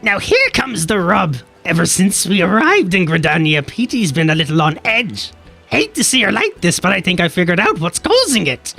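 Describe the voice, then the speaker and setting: A man's voice: sits high, sing-song, moderate pace, creaky, sharp tone, faint music behind, exaggerated voice. Guy doing a tired older smoker mum voice, swooping all over the place as he reads out quest lines. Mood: weary. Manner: reading game quest dialogue aloud in a put-on voice. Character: older chain-smoking mum, weary and homely.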